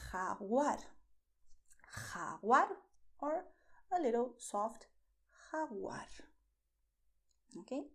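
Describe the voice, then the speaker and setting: A woman teaching beginners to pronounce words, repeating each one slowly and carefully. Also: fairly high pitch, warm tone. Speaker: Spanish teacher. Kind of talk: slow pronunciation lesson for beginners.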